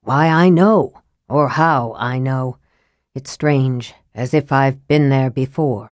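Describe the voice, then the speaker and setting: A woman reads a sickly young male wizard in a low, hushed register. He is cold and scathing. The sound is dry and close to the mic. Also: slow pace, dry recording.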